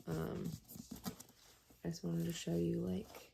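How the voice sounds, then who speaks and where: A young woman chatting casually in a book vlog, soft-spoken and dropping often into a whisper, with plenty of filler words. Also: lowish voice, monotone, slow, gravelly, heavy background noise. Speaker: book vlogger. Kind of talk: casual reading vlog chat.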